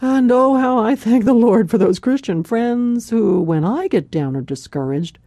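A woman hosting a devotional radio program, telling a Bible story in a warm conversational way, with a laugh here and there. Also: a little high, lively intonation, unhurried, no echo, studio quality.

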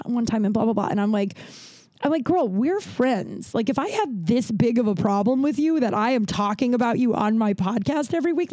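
A woman's voice: medium pitch, darkish tone, dry recording. A woman hosting her own podcast, talking casually and bluntly, rambling through stories with plenty of swearing. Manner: blunt, rambling storytelling with profanity. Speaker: podcast host. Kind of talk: casual solo podcast chat.

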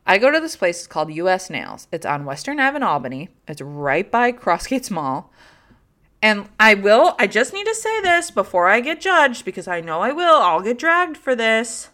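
A woman's voice: medium pitch, very animated, normal speed, pushed and bright. A woman hosting a podcast, telling stories in a casual, rambling chat with lots of fillers and swearing, candid and self-deprecating. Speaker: podcast host.

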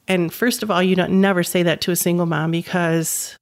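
A woman's voice: fairly low pitch, level tone, brisk. A woman in her fifties, a caregiving mother telling her story as an interview guest, earnest and emphatic, repeating words for stress. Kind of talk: personal storytelling in conversation.

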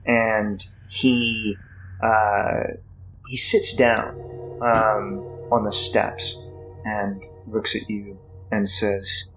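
Slow, halting male game master. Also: on the low side, little pitch movement, fairly bright tone, soft background music, rough recording. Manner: slow and halting, many fillers. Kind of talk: narrating a tabletop game.

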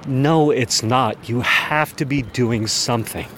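A man's voice: medium pitch, slow pace, a bit bright, slight background noise. An insistent, curious woman friend who keeps pressing for answers, as a man quotes her in his own slightly raised voice. She pushes eagerly and won't let the question drop.

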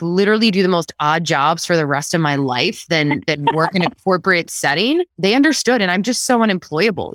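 A woman guest in a casual interview, telling her story with laughs and acting out quotes in a higher voice. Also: no echo, clean studio sound. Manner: animated, laughs often, acts out quotes in a higher voice.

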